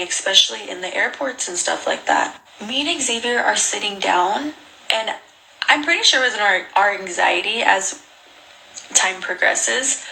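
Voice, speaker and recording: A young woman talks straight to her viewers, recounting what happened to her and slipping into the voices of others as she goes. Her voice has a gravelly edge and a bright, forceful tone. A faint hum of ambience sits behind her. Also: mid-range voice, poor audio. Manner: animated, acts out dialogue. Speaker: traveler telling her story. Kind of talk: casual storytelling to camera.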